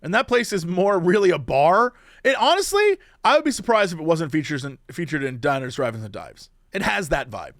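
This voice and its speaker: Man, podcast co-host, high animated delivery, rambling chatty, dry close mic. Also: brisk, few pauses, no room sound. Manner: rambling, animated, full of restarts and fillers. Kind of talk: casual chat.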